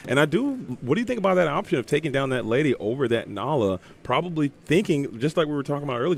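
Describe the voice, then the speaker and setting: A man commentating a live card game tournament, excitable and joking with co-hosts. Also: mid-range voice.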